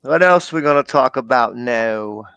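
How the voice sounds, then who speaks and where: A man's voice: medium pitch, expressive, measured pace, a bit bright, smooth, dry recording, highs cut off, soft background music. A man co-hosting a casual livestream, talking loosely and rambling with slang and fillers.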